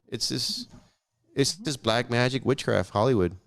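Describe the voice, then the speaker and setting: A young adult man, guest on a podcast, has a mid-range, clean-toned voice and talks fairly quickly. Chatting casually, he swears freely and tells blunt stories, animatedly acting out what people said.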